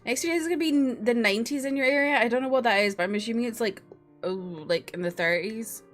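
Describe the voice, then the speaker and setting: A young Scottish woman streams from a room at home, chatting casually with her viewers, laughing and swearing now and then. Her voice sits on the high side and moves fast, with soft music in the background.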